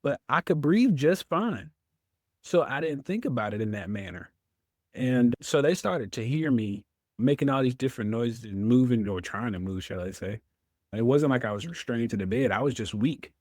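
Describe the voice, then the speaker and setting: A man's voice: medium pitch, animated, normal speed, a little mellow, no room sound, studio quality. A man, a veteran guest telling his story in an interview, acting out his own past words.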